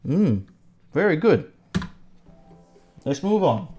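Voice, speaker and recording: A teacher leads a vocabulary lesson for young children, taking a house tour one item at a time. The delivery is unhurried and deliberate, with each word said over and over. The pitch moves a lot, and the teacher checks understanding and praises answers often. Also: big pitch swings, lo-fi sound, soft background music. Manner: repeats each word slowly, asks checking questions. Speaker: English teacher for young pupils.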